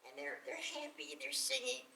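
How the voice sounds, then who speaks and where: A woman tells a folk tale aloud in a loose, conversational way and often repeats a word before going on. Her voice sits fairly high. She narrates casually for a live audience. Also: sing-song, fairly quick, gravelly, bright, forceful tone, a little hiss or hum, low-quality recording. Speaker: storyteller. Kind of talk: live oral storytelling.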